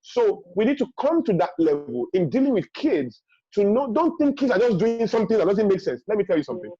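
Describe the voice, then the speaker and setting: A man's voice: sits high, big pitch swings, brisk, dark tone, husky, no echo. A man giving emphatic parenting advice on a webinar, repeating his key points and acting out what parents say. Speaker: guest speaker on parenting. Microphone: video call. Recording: dull lo-fi online call audio.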